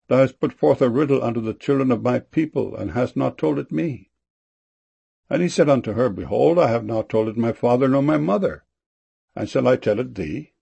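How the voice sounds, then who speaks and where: Male scripture reader, solemn and measured; low, husky delivery. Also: a little mellow. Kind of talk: scripture reading.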